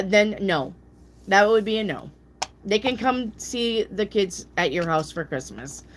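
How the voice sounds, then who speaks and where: A woman reads tarot live in a casual style, bluntly responding to viewers, swearing liberally and doing high-voiced impressions of people. Slight background noise is present.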